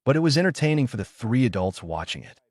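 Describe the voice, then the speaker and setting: A man reading a fan fiction story aloud as narrator, in an animated storytelling way. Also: medium pitch, quick pace, dry recording, studio quality.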